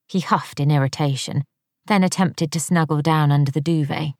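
A woman narrating an audiobook in a measured, wry storytelling manner. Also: deep voice, steady tone, darkish tone, dry recording, clean studio sound.

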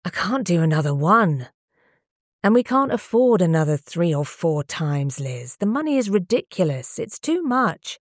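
A woman's voice: lowish voice, very animated, normal speed, dry recording, studio quality. A woman reading aloud, voicing a weary husband who speaks dully and sighs in a storybook. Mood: tired pleading. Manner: tired, dull, sighing. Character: weary, gentle husband worn down by IVF. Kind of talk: audiobook character voice.

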